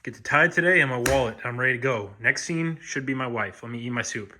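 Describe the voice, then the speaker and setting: A man's voice: mid-range voice, quick pace, sharp tone. A young man talking casually to his phone camera for a vlog, rambling and correcting himself as he goes. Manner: rambling, chatty, self-correcting. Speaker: vlogger. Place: in a car. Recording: noisy car interior. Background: car and road noise.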